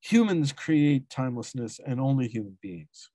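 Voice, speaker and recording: A man's voice: medium pitch, very animated, moderate pace, warm tone, no echo. A man giving a symposium talk, reading a prepared academic paper and often stumbling and correcting himself on long words. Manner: reads dense prose with frequent self-corrections and restarts. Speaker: academic speaker.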